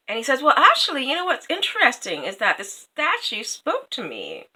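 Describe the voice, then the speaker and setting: Woman, casual storyteller, chatty with asides, bright voice. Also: high voice, huge pitch swings, moderate pace, hardly any pauses, breathy edge, low-quality recording. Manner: chatty, lots of fillers and asides. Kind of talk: casual fairy tale retelling.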